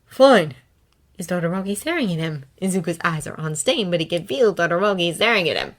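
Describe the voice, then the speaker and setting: A woman narrating a fanfiction story in an expressive, dramatic reading. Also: fairly low pitch, fast. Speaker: fanfiction reader. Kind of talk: audiobook narration.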